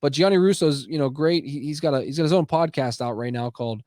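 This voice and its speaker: A man hosting a podcast, asking loose, halting questions with many fillers in a casual interview. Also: fairly high pitch, a little mellow, no echo, clean studio sound. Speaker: podcast host.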